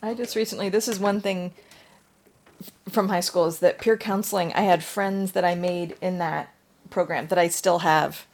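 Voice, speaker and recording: An adult woman telling stories in a casual group discussion, with lively asides. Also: lowish voice, moderate pace. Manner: chatty storytelling, lively asides. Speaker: discussion participant.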